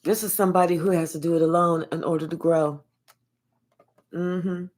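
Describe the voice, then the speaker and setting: Foul-mouthed woman giving a spiritual reading. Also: lowish voice. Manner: profane, animated, drawn-out emphatic phrases. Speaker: tarot reader. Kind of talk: casual spiritual reading to camera.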